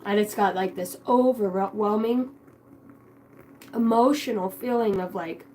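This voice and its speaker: A woman's voice: mid-range voice, measured pace, darkish tone, a little hiss or hum, low-quality recording. A young woman giving a spiritual card reading, emotional and rambling, swearing casually. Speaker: tarot card reader.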